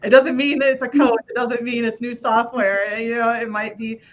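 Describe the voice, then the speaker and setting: A woman's voice: on the high side, little pitch movement, moderate pace, dull audio. Chatty laughing woman podcast host. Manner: laughs often, chatty and upbeat, swears casually. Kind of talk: casual podcast chat.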